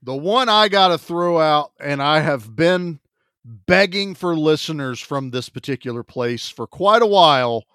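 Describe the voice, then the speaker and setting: A man's voice: on the high side, lively intonation, a little slow, fairly bright tone, smooth, dry recording, clean studio sound. A man co-hosting a podcast in a casual, chatty and joking way. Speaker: podcast co-host.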